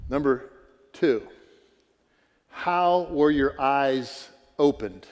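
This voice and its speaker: A man's voice: mid-range voice, extremely slow. A man preaching a sermon as a pastor in a church, earnest and conversational, asking his listeners questions. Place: church sanctuary. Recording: church hall reverb.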